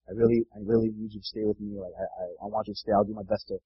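A man voicing a desperate male sports agent who begs a client to stay, speaking low and hurried. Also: level tone, breathy edge, no echo, highs cut off. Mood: pleading.

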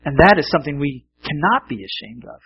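A man's voice: a little high, expressive, fast, husky, dull audio. A middle-aged man preaching a sermon in a conversational, self-deprecating way, with asides and fillers. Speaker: pastor.

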